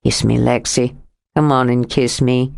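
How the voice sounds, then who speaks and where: A woman doing a low-voiced, coaxing young man. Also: little pitch movement, unhurried, gravelly, darkish tone, full character voice. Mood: low, tender. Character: jealous, stubborn young man, tender lover.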